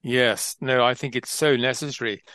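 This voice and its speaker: A man's voice: mid-range voice, fairly even intonation, moderate pace, sharp tone, no echo. A man hosting an interview, offering short agreeing remarks and questions to his guest. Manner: brief supportive interjections. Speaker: host. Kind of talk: interview conversation.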